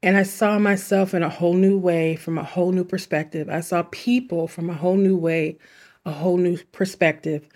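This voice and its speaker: A woman's voice: on the low side, steady tone, a little mellow. Earnest chatty woman podcast host. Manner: earnest, chatty, asides and quick laughs. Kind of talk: reflective self-help talk.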